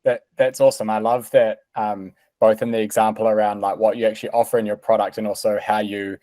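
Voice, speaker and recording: A man's voice: fairly low pitch, little pitch movement, quick pace, mellow, dry recording. A man hosting an interview, summing up and affirming his guest in a reflective way. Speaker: podcast host, interviewer. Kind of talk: casual interview talk.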